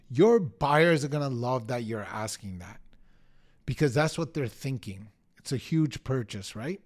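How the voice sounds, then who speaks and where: A middle-aged man gives real estate tips straight to the camera at a mid pitch. He drives each point home with punchy emphasis and slips into quick acted snippets of clients and agents. His delivery is energetic and direct. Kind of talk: energetic coaching talk to the camera.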